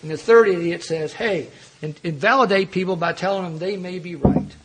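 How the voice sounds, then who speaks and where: A man's voice: high voice, a little fast, husky, rough recording. An older man from Kentucky, speaking as an AA speaker, telling stories in a folksy, self-mocking way with frequent restarts. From Louisville, Kentucky. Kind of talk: storytelling talk at a recovery meeting.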